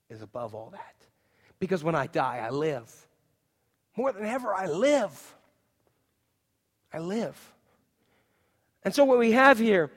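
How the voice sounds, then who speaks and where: A man preaching a sermon, swinging between loud, emphatic declarations and hushed, quiet passages. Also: sits high, in a large hall. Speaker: pastor.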